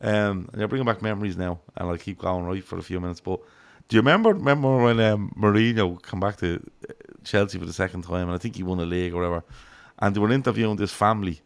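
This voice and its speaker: Irish male podcast host, low gravelly voice, rambling, sweary, chatty football talk. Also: fast talker, hardly any pauses. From Ireland. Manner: rambling, swears freely, acts out quotes. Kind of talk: casual football chat.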